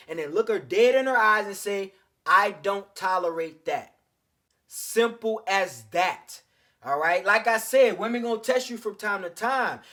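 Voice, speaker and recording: Male host, high-ish voice, blunt and slangy, casual dating-advice monologue. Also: fairly bright tone. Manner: blunt, slangy, profane, addresses listeners as fellas.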